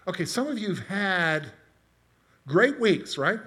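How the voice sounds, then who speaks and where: A man's voice: sits high, very animated, unhurried, a bit bright, husky. A middle-aged man preaching a conversational sermon, asking his congregation questions and telling personal stories. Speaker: pastor.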